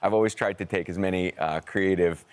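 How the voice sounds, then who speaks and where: A man's voice: sits low, slight background noise. An American man, a guest actor, chatting animatedly and self-deprecatingly in an interview. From United States. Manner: animated storyteller, self-deprecating, quick laughs. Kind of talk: casual interview chat.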